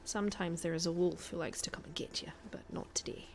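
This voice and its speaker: Gravelly woman streamer in a put-on Scottish accent. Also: fairly low pitch, steady tone, fast talker, whispered. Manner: chatty, self-mocking, thinking aloud. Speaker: guest streamer. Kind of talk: casual gameplay commentary. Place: home.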